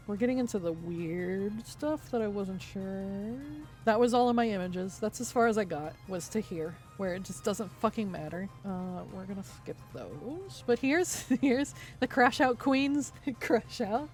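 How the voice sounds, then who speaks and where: A woman streamer giving heated, profane, sarcastic commentary on a livestream while reading through a document. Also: a little high.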